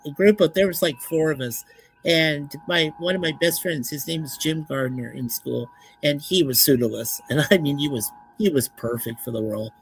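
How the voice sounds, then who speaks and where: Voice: medium pitch, moderate pace, a little hiss or hum, rough recording. A podcast co-host chatting casually, supportive and agreeable, laughing easily. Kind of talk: casual conversational chat.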